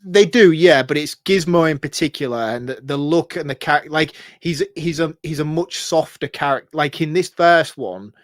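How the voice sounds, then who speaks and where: A man co-hosting a podcast, chatting casually about a film in an excitable, rambling way and laughing often. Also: fairly high pitch, moderate pace, hardly any pauses, no echo, clean studio sound. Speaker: podcast co-host.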